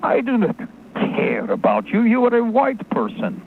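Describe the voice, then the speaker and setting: A man voicing a cold, smug male government bureaucrat with a mock-Soviet manner, speaking in slow, clipped, condescending phrases. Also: high voice, huge pitch swings, heavily acted. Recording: tinny phone-line audio, faint noise.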